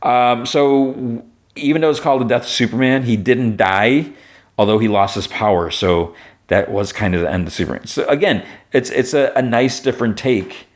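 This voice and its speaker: A man's voice: medium pitch, moderate pace. A man hosting a podcast, casually retelling an episode in a rambling way full of fillers and restarts. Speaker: podcast host.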